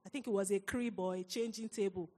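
A woman preaching a sermon, telling a personal story in an animated way and laughing often. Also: mid-range voice, quick pace, long reverb tail.

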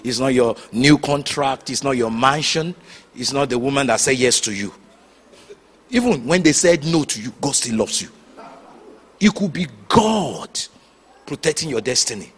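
A man preaching a sermon, telling stories with sudden shouts and hushed asides. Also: mid-range voice, animated, normal speed, slightly rough. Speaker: pastor.

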